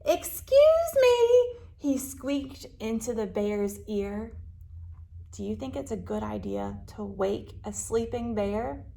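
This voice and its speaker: A librarian reading a picture book aloud to children, animated, gasping and asking them questions. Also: female voice, medium pitch, slow pace, gravelly, a little hiss or hum.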